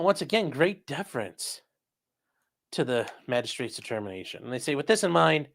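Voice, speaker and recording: On a laid-back livestream, this man reads out chat messages in a medium-pitched, somewhat bright voice. His remarks are blunt and sarcastic, and he curses without hesitation as he comments live.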